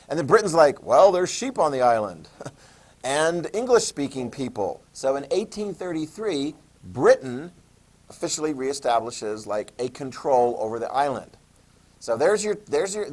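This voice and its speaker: A man lectures a history class with a slightly high voice. He jokes, acts out little scenes, and keeps checking in with the students. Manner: jokey, asks the class questions, "okay?" checks. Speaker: history teacher.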